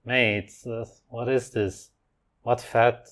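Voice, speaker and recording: A man's voice: mid-range voice, measured pace, noisy background. A man hosting a reaction video, talking over clips with scornful, sarcastic commentary.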